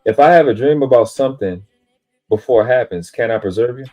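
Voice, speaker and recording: A man's voice: medium pitch, brisk, darkish tone. A man on a live stream lecturing about spiritual teachings in an emphatic, preachy way, swearing casually and boasting about himself. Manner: self-aggrandizing, spiritual teaching tone. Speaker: panel speaker on a live stream.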